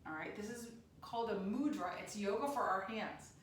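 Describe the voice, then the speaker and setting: A woman teaching a yoga class for children, giving gentle sing-song instructions. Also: medium pitch, expressive, moderate pace, a little hiss or hum. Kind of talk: guided kids' yoga class. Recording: echoey room, distant mic.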